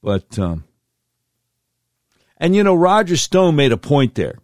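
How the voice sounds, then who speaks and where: A man's voice: fairly high pitch, sing-song, slow, darkish tone, dry recording, clean studio sound. A middle-aged man hosting a talk radio show, commenting with emphatic, incredulous asides.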